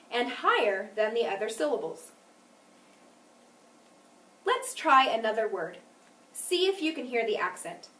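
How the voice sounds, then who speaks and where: Lively-voiced woman teaching phonics. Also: on the high side. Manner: clear deliberate teaching, stresses example words. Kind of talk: phonics lesson. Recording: echoey room, mic at a distance.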